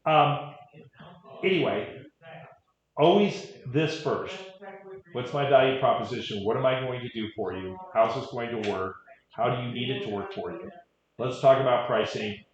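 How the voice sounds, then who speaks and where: A man's voice: medium pitch, normal speed. A man coaching real estate agents in a casual, wry way, telling stories as he teaches. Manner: conversational, wry asides. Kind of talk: training talk with stories. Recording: echoey, dull room audio.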